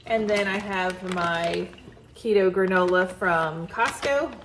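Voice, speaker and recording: A woman's voice: on the low side, slow pace, a bit bright, slight background noise. A woman from the American South, talking chattily to camera in her kitchen with her morning voice and laughing often. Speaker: vlogger. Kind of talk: casual chat to camera. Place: farmhouse kitchen.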